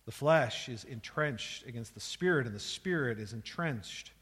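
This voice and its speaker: A man's voice: mid-range voice, lively intonation, normal speed, a bit bright, breathy edge, in a large hall. A male pastor preaching a sermon with an emphatic manner, often repeating words and building in intensity.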